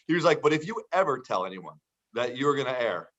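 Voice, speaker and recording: A man's voice: medium pitch, very animated, brisk, a bit bright. A man with a mid-range voice tells a business story in casual conversation. He talks in a chatty way and quotes the people in it. The sound is somewhat dull and lo-fi. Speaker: entrepreneur guest. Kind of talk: casual anecdote.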